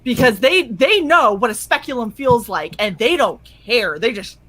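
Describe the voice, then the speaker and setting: A young woman co-hosting a casual chat stream, telling animated stories with blunt, frequent swearing. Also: a little high, normal speed, no echo. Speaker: stream co-host.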